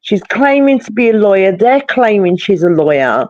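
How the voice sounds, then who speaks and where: A host in a casual chat over a video call, telling stories in a chatty, drawn-out way. The sound is dry and dull, with a muffled, lo-fi quality. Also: medium pitch, sing-song, darkish tone, no room sound.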